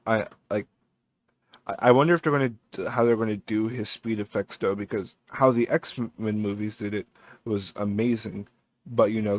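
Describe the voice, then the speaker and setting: A tired man rambles excitedly through a casual review, full of fillers and restarts. His voice sits fairly low and comes through a dull, muffled microphone that cuts out now and then. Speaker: YouTube reviewer. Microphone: home microphone.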